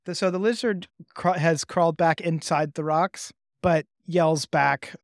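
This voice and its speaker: Slow-talking game master narrating. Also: male voice, on the high side, steady tone, no room sound, clean studio sound. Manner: laughing, playful.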